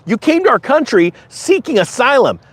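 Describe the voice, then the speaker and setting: A man's voice: very high-pitched, big pitch swings, moderate pace, breathy edge, no echo. A man hosting a sarcastic news commentary, often acting out mocking voices. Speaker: commentary channel host.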